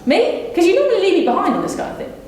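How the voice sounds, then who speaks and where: A woman's voice: very high-pitched, sing-song, very fast, darkish tone, distant mic, voice pushed up. A woman voicing a young, put-upon male god who speaks casually and with surprise, in an echoey room. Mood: surprised. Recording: echoey room with faint hum.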